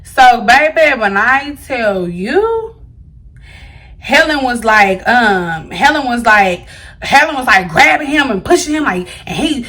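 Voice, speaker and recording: Animated high-voiced woman telling a story. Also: a little slow. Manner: animated, slangy storytelling to viewers. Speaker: vlogger. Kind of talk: storytime vlog.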